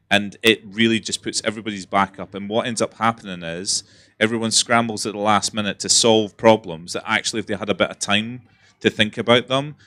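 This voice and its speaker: A Scottish man with a low, forceful voice speaks on a festival panel. He is frank and emphatic, pressing his points home with earnest conviction. He sounds like a seasoned theatre director. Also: no room sound. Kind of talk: panel discussion.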